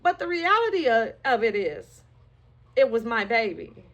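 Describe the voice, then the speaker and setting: High, bright-voiced woman telling her story. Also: big pitch swings, normal speed, highs cut off. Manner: emotional, frank storytelling with rueful laughs. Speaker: storyteller sharing her life. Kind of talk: candid personal testimony.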